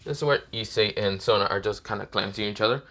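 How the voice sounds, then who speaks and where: A man's voice: on the low side, quick pace, sharp tone. Rambling man narrating a fan story. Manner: rambling, repetitive filler phrases. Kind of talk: improvised fan-fiction narration.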